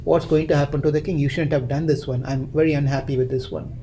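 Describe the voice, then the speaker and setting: A man's voice: a little high, steady tone, quick pace, warm tone, a little hiss or hum, lightly acted, low-quality recording. A man playing a stern old sage scolding his son. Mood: reproachful. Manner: reproachful, lecturing.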